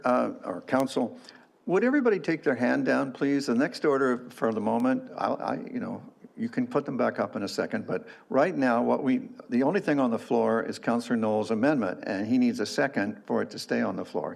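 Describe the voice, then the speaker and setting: Gravelly-voiced man chairing a council meeting. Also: mid-range voice. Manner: brisk and procedural.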